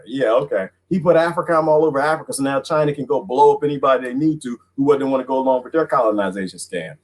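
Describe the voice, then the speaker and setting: A man hosting a livestream who talks in an animated, mocking way, laughs often, and is losing his voice. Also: mid-range voice, quick pace, few pauses, poor audio. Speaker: livestream host reading viewer comments. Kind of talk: casual livestream monologue.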